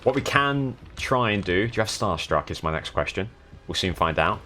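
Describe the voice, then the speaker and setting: A man's voice: low-pitched, lively intonation, normal speed, bright, forceful tone, a little hiss or hum. A young man from the south of England with a southern English accent, commentating on his live gameplay and thanking viewers as they follow. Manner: chatty, thanking viewers while playing. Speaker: streamer.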